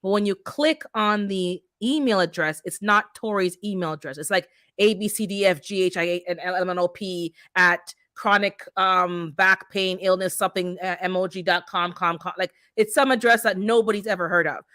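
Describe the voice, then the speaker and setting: A woman's voice: lowish voice, moderate pace, hardly any pauses, a bit bright, no echo, clean studio sound. A woman hosting a casual chat, telling stories animatedly and acting out her phone calls. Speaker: channel host.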